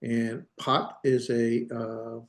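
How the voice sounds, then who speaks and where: Very slow and flat, a man's mid-range voice delivers a grammar lecture in a classroom. He's a Hebrew teacher who thinks out loud, hesitates, and corrects himself as he goes.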